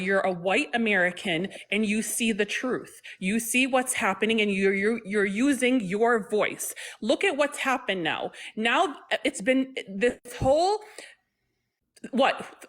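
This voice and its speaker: Woman, high bright voice, angry and emphatic, repeats words, livestream guest. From Palestinian. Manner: angry, emphatic, stumbling repetitions. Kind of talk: impassioned casual talk.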